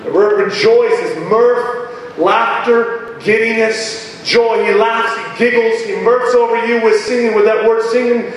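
A man preaching an emphatic, animated sermon to a congregation. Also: extremely high pitch, unhurried, a little hiss or hum. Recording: echoey hall from far off.

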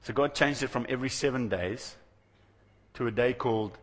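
A man with a husky voice preaches a sermon in a loose, conversational storytelling manner. He slips into the voices of the people he quotes. His words ring out with a long reverb, as if in a large church hall. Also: medium pitch, normal speed.

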